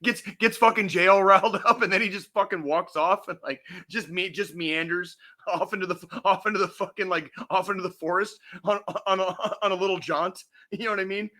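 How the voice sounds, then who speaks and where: A man's voice: sits high, a little fast, hardly any pauses, bright, forceful tone. A man co-hosting a podcast, ranting angrily and swearing constantly, with emphatic repetition and restarts. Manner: angry, profane, emphatic. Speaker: podcast co-host. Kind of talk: heated podcast rant.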